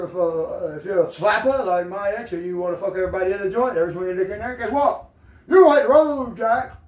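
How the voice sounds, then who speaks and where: A man with a Southern American accent, talking in a rambling, profane, digressive monologue to the camera. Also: high-pitched. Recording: echoey room, mic at a distance.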